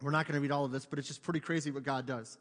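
A man preaching a sermon in an animated way, joking with the congregation and acting out voices. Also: medium pitch, racing. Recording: long hall reverb.

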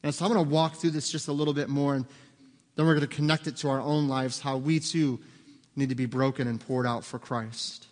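A man's voice: mid-range voice, fairly even intonation, fairly quick. Man preaching in a reverberant hall. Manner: earnest, rhetorical questions, acts out quoted voices. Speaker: pastor. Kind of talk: sermon.

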